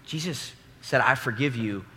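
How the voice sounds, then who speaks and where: A young male pastor preaching a sermon to a live congregation, emphatic and building to loud peaks, asking the crowd to repeat lines after him. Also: mid-range voice, moderate pace. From American Midwest. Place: large hall before a live congregation. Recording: long hall reverb.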